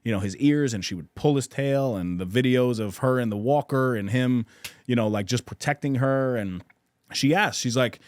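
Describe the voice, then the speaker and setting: A man's voice: medium pitch, moderate pace, no room sound, studio quality. A man in casual podcast conversation, talking in an earnest, reflective way with frequent restarts and self-corrections.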